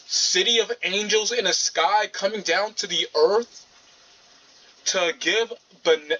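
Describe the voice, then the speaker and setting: A man's voice: a little high, bright, forceful tone, distant mic. A man casually commentating a video game playthrough, rambling and talking back to the game. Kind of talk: casual let's-play commentary. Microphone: poor microphone, fan in background. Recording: dull lo-fi mic, faint fan hum.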